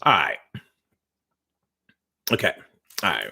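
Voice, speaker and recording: A man's voice: fairly low pitch, very animated, unhurried, vocal fry, long pauses, a bit bright. A man hosting a casual livestream, reading chat aloud and joking in a slangy, profane way.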